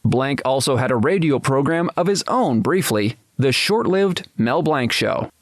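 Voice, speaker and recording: A man's voice: mid-range voice, animated, measured pace, no echo, clean studio sound. A man narrating a documentary script in a playful, teasing way.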